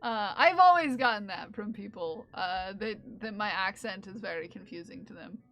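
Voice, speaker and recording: A woman's voice: mid-range voice, animated, normal speed, fairly bright tone. A woman streamer in casual chat, rambling with many fillers and restarts, her speech drifting between several accents. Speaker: live streamer.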